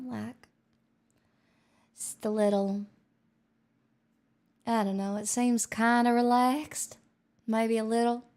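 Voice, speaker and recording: A woman's voice: on the high side, flat delivery, takes it slowly, long pauses, darkish tone. A woman streamer chatting casually with her viewers, playful and self-mocking, laughing often. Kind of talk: casual stream chat with singing.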